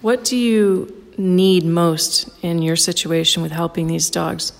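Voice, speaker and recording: Woman interviewer, lowish voice, calm questions, reverberant room. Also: slow, vocal fry.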